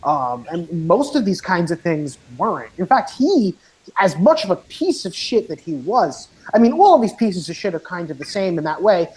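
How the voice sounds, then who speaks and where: A woman chatting casually in an online voice lobby, blunt and profane, getting animated as she talks. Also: fairly low pitch, normal speed, rough recording. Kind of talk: casual voice chat.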